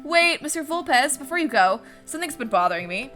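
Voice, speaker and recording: A woman's voice: high-pitched, very animated, brisk, bright, forceful tone, soft background music, voice pushed up, full character voice. A woman doing an eager sparrow sidekick. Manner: eager, chatty.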